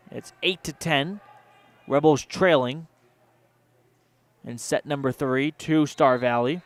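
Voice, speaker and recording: Radio play-by-play guy, smooth voice a bit high, rattling off volleyball plays. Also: steady tone. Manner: rapid play-by-play with sponsor mentions. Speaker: play-by-play announcer. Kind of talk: local radio sports commentary.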